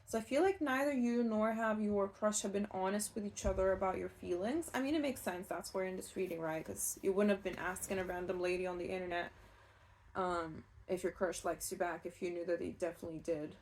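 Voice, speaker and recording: A woman giving a casual pick-a-card tarot reading, chatty and rambling, with soft laughs and fillers. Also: mid-range voice, fairly even intonation, a little fast. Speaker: tarot reader.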